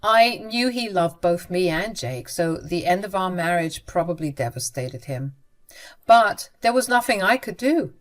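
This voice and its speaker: A woman's voice: on the low side, animated, a little slow. A woman narrating a first-person story in a scripted, earnest and confiding way.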